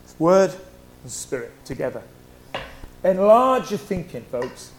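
High-voiced pastor preaching lively. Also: male voice, a little slow. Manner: lively, conversational preaching with humorous anecdotes. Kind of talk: sermon. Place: church hall.

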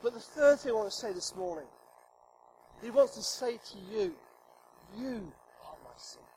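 A man's voice: extremely high pitch, expressive, moderate pace, creaky, mellow, a little hiss or hum, poor audio. A middle-aged man preaching a sermon to a congregation, joking with them and acting out God's voice with emphasis. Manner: humorous, emphatic, acts out God's voice. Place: church hall with congregation.

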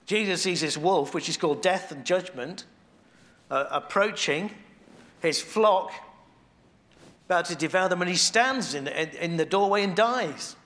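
A man with a somewhat raised pitch delivers a sermon in an easy, conversational way. He thinks aloud, doubles back on phrases, and sinks into a hushed, intimate tone when a point turns personal. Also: animated, unhurried. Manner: conversational, thinking aloud with restarts and soft asides; drops to a quiet, intimate tone on devotional points. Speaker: preacher.

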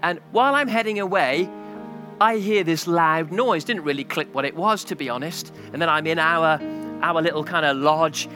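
A man's voice: a little high, moderate pace, over music. A male pastor preaching a sermon, telling a story and building to a passionate climax.

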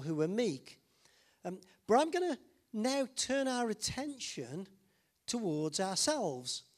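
A man preaching in a church, his voice sitting high and swinging widely in pitch. He keeps it light and jokey, teasing the congregation and pressing them with questions. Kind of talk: sermon.

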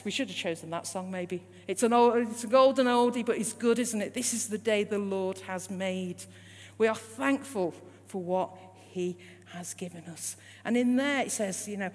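A woman's voice: medium pitch, a little slow, darkish tone, breathy edge. A woman preaching a sermon in a church, repeating her points and asking the congregation rising questions. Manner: rising rhetorical questions, emphatic repetition. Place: church hall. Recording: long hall reverb with faint hum.

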